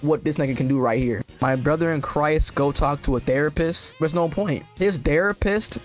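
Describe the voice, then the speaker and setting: A man's voice: fairly high pitch, moderate pace, soft background music. A young man streaming, reading out posts and reacting with crude, swearing, incredulous commentary.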